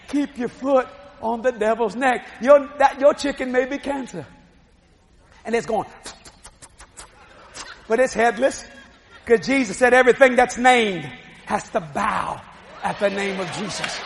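A middle-aged man preaching a sermon, telling a story with animated, shouting delivery. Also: extremely high pitch, normal speed, gravelly, big-room sound, some chatter behind, a little hiss or hum.

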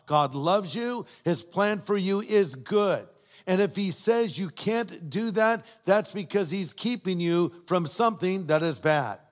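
An older man preaching a sermon as a pastor. He tells stories warmly and adds humorous asides. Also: fairly high pitch. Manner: warm storytelling with humorous asides. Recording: long hall reverb.

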